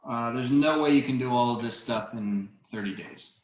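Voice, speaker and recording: Here a game master leads a tabletop game at a moderate pace, his medium-pitched voice broken up by frequent ums and uhs as he hesitates. The sound is lo-fi, dull, and roomy.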